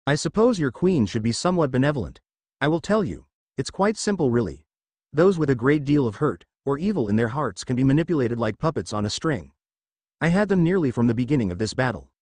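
A cold, commanding sorceress queen, scheming and possessive, speaking through a captured boy, read by a man in his plain voice. Her lines rise and fall in a lively way. The recording is dry and close. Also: mid-range voice, a little fast, no echo.

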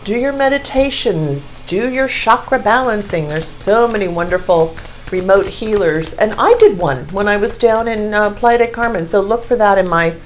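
Excitable tarot reader in her sixties, female, mid-range voice, gushing and warm-hearted delivery to camera. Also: mid-range voice, normal speed, slight background noise, low-quality recording. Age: 60s. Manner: gushing, excitable, exclaims over cards. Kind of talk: casual tarot reading to camera.

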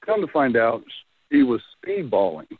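A man calls in to tell his ghost investigation stories, animated and quick to act out everyone he quotes. His voice comes through a thin, tinny phone line with a dry, close sound. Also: medium pitch, husky, no echo. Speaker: paranormal investigator guest. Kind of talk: casual phone interview storytelling.

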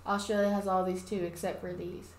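A woman's voice: mid-range voice, little pitch movement, brisk, a little mellow. A woman co-hosting a reaction video, making blunt, dismissive quips and laughing in casual chat. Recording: roomy echo.

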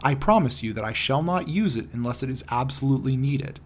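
A man voicing a shrewd, composed detective who lays out each step of his reasoning with quiet precision. The voice is husky, the delivery measured and even, as in a storybook reading. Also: mid-range voice, lightly acted. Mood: reassuring. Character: shrewd, calm male detective explaining deductions. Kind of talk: audiobook character reading.

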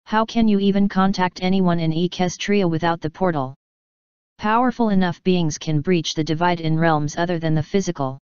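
Woman voicing a doubtful young girl, asks pointy questions, clear dry voice. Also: fairly low pitch, moderate pace, darkish tone, no room sound, dull audio, natural voice. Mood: skeptical. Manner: skeptical, probing.

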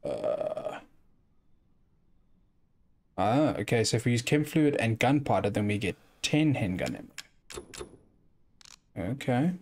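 A man's voice: fairly low pitch, big pitch swings, takes it slowly, gravelly, pauses often, a little mellow, slightly rough. A man giving let's play commentary, chatting and muttering to himself as he plays a video game. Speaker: gaming YouTuber.

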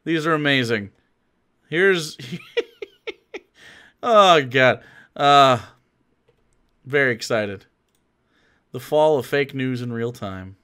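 A man's voice: medium pitch, expressive, extremely slow, pauses often, sharp tone, smooth. A man streaming live, giving sarcastic, mocking commentary on videos. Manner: sarcastic, mocking, laughs often.

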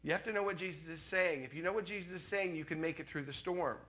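Bright-voiced man preaching conversationally. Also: fairly high pitch, fast. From Canada. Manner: conversational, repeats refrains, checks in with the crowd. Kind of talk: sermon.

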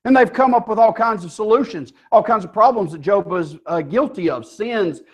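A man's voice: sits high, lively intonation, moderate pace, slightly rough. A male pastor preaching a sermon in a church, emphatic and firing rhetorical questions at his congregation.

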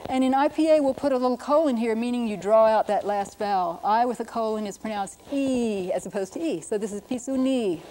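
A woman's voice: fairly high pitch, brisk, hardly any pauses, warm tone, a little hiss or hum, low-quality recording. A middle-aged woman, a linguist, giving an educational lecture, patiently explaining and carefully demonstrating pronunciations. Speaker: linguist presenter.

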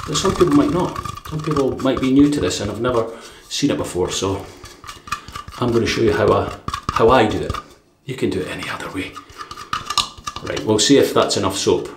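A man's voice: medium pitch, a little fast, background noise. A Scottish man from Dundee chatting casually through a product review, rambling with fillers and chuckles. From Dundee, Scotland. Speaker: shaving vlogger. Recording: echoey room.

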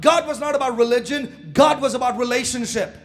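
High-voiced preaching man, shouting and joking. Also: fairly quick. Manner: animated preaching, shouting and dropping to asides; casual slang, laughs at own jokes. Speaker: pastor. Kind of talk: sermon. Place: church, live service.

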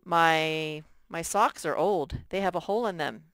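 A woman with a slightly low, smooth, clear voice, giving a first-grade workbook lesson. She speaks slowly and patiently and sounds out each word for young children. The recording is close and dry. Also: a bit bright, no echo. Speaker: teacher.

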